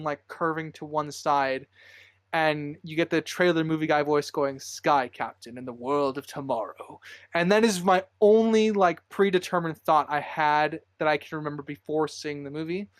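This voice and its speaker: A man's voice: fairly high pitch, clean tone, no room sound, studio quality. A man hosting a casual movie podcast, rambling with many fillers and frequent laughs. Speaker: podcast host.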